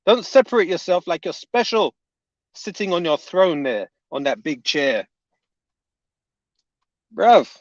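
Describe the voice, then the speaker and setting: A man's voice: high-pitched, very animated, a little slow, pauses often, dry recording. A man delivering a heated, indignant reaction rant as an online commentator, often repeating his points. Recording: dull, dry lo-fi audio.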